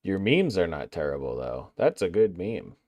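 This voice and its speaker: A man's voice: low voice, sing-song, normal speed, a little mellow, no echo. A man chatting casually on a livestream while building a game map, playful and talkative as he answers viewer chat.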